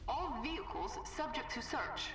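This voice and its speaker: Mocking female agent, a touch high, mock-official delivery. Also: lively intonation, normal speed, fairly bright tone, rough recording.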